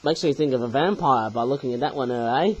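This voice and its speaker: A man's voice: mid-range voice, a little fast, breathy edge, dull audio. A man reviewing toys in a casual, chatty way, ending his sentences with "eh?" and coughing as he gets over a flu. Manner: chatty, tags sentences with "eh?" and makes puns. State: coughing, getting over a flu and sore throat. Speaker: toy reviewer.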